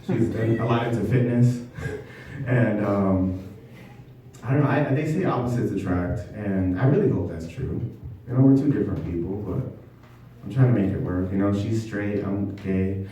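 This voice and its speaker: A man doing a stand-up comedy set in a basement venue, talking in a halting, self-deprecating way with many ums. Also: fairly low pitch, mellow, a little hiss or hum. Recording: echoey basement room, mic from far off.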